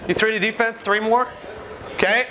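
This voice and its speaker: A man with a high, ringing voice runs a basketball clinic on an indoor court. He barks out quick drill commands to his players. Between drills he turns to the watching coaches and explains each point. Faint gym noise hums behind him. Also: steady tone, sharp tone. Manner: brisk, commanding, calls out quick drill instructions.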